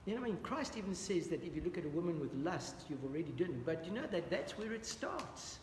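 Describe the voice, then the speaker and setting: Bible study teacher, male, high voice, echoey hall with long reverb, faint background ambience. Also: very animated, quick pace, a little mellow, a little hiss or hum. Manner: earnest, questions the audience, repeats "dear friends". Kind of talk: interactive Bible study lesson.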